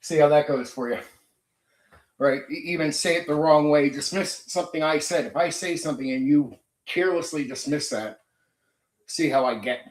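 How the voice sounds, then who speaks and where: A man's voice: on the high side, normal speed, reverberant. Profane, combative man ranting. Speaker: channel host. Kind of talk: casual monologue rant.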